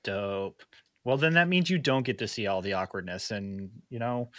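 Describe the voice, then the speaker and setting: A man's voice: lowish voice, moderate pace, a bit bright, no room sound, clean studio sound. A man from Canada hosting a podcast in casual chat, playful and self-deprecating, laughing often. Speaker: podcast host.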